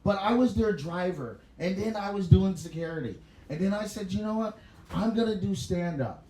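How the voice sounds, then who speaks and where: A man doing a stand-up set in a small club, telling stories with loud laughter and a lot of swearing. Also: sits high, animated, moderate pace. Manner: loud, laughing, profane storytelling. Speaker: stand-up comic. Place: small comedy venue. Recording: echoey small venue with laughing crowd.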